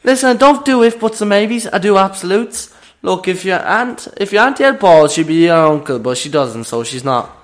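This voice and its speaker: A shrill, blustering football pundit. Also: male voice, lively intonation, moderate pace, few pauses. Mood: indignant. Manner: squeaky, indignant, absolute.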